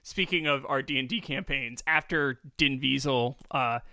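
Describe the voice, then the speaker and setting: A man's voice: medium pitch, normal speed, no echo. A man co-hosting a podcast in casual chat. He tells loose stories with fillers and the odd swear word. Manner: relaxed storyteller, fillers and swearing. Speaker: podcast co-host.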